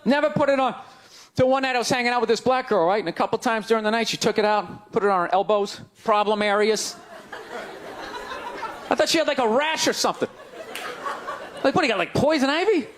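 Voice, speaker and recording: A male stand-up comic rants at a crowd, his voice pitched very high as he fires off incredulous questions. He often shouts his punchlines. Crowd laughter and steady room noise fill the live recording. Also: fairly quick, long pauses. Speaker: stand-up comedian. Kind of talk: stand-up routine.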